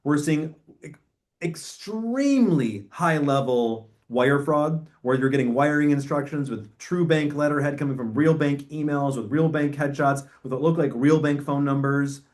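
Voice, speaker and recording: A man gives an animated training talk to real estate agents, often acting out quoted dialogue. His voice is on the high side, and he speaks at a normal speed.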